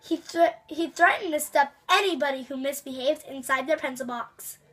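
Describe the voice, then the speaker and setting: A woman's voice: sits high, normal speed, fairly bright tone. A woman voicing an earnest schoolgirl, close to her own reading voice. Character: schoolgirl telling a tall tale.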